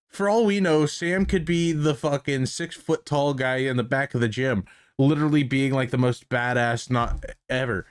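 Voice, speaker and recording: A man's voice: mid-range voice, moderate pace, smooth, no room sound, studio quality. A man giving casual reaction commentary on police footage, amused and profane, laughing often.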